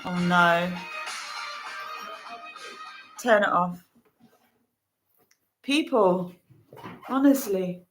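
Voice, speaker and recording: Giggly woman, slow talker. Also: fairly low pitch, faint music behind, rough recording. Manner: giggly, self-deprecating. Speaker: co-host partner. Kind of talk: casual livestream chat.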